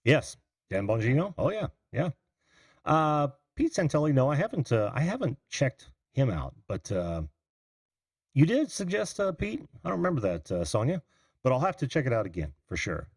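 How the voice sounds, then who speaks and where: A man's voice: mid-range voice, very animated, normal speed, husky, dry recording, studio quality. A middle-aged man hosting a call-in livestream, rambling casually and answering viewers' chat comments. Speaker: call-in show host. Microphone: computer mic on a video call.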